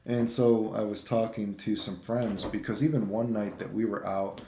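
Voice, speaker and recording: A man telling travel stories in a casual, rambling vlog, swearing and getting animated as he retells run-ins. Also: lowish voice, normal speed, hardly any pauses, roomy sound. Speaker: vlogger.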